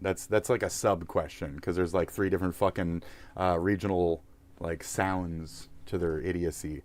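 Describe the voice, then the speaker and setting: A man's voice: low-pitched, normal speed. A man hosting a live stream, ranting in a profane, mocking and rambling way. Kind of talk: livestream rant.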